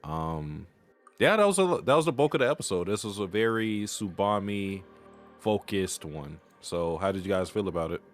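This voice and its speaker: A man's voice: deep voice, expressive, moderate pace, soft background music. A man co-hosting an anime podcast, joking around in casual chat and then introducing an episode for discussion. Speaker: podcast co-host.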